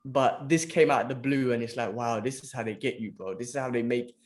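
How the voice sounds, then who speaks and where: A man's voice: mid-range voice, brisk. A man on a podcast, talking casually with a friend. He tells his stories with animation and swears without a second thought, dropping "bro" every few lines. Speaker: podcast co-host. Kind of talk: casual chat.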